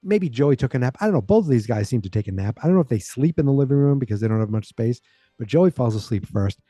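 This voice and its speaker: A man hosting a podcast, casually recapping a sitcom episode in a rambling way and jumping into a higher voice to quote the characters. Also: lively intonation, fast, mellow, dry recording, faint music behind. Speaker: podcast host.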